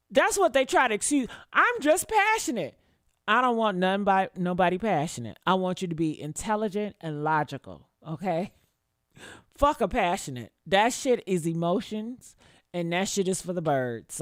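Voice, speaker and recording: A woman's voice: fairly high pitch, fairly bright tone, no room sound, clean studio sound. A woman commentator giving a blunt, profane, preachy rant in a casual style. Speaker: online commentator.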